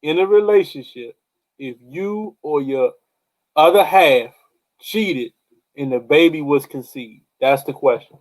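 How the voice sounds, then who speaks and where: Laid-back podcast co-host guy, kinda high voice, easygoing, mulling stuff over. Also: animated, a little slow, rough recording. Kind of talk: casual chat.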